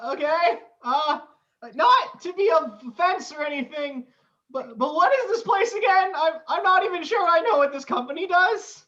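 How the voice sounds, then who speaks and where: A woman's voice: very high voice, expressive, moderate pace, a bit bright. A young woman playing a flustered, stammering young man at a job interview, in an amateur stage comedy on a dull lo-fi recording. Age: young adult. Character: bumbling young man job applicant, nervous and oddball.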